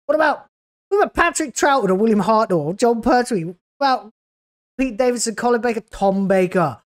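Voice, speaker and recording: A woman's voice: on the high side, animated, a little fast. A woman hosting a video reaction, talking in a sarcastic, scathing way with exasperated groans. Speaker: YouTube reaction host.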